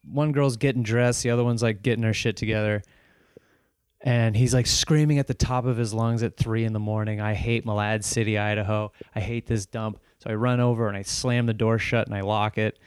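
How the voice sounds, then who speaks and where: A man, a stand-up comedian, telling a long story in casual chat, animated and profane, often restarting and acting out what people said. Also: mid-range voice, brisk, clean tone, no echo, clean studio sound.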